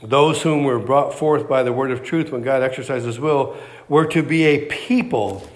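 A man's voice: medium pitch, normal speed. A man preaching a sermon, emphatic and repetitive, firing off rhetorical questions.

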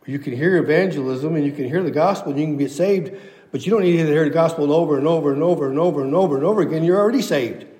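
Guy preaching a sermon, kinda high voice, leans hard on repeats, long church reverb. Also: very fast, mellow. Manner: emphatic, repeats key phrases. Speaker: pastor.

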